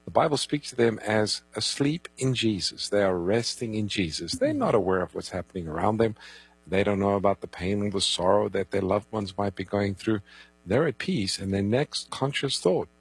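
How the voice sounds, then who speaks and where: A man co-hosting a call-in Bible radio show, calmly explaining scripture and introducing callers. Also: lowish voice, normal speed, husky, dry recording, poor audio. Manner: calm, reassuring, gives phone numbers and takes calls.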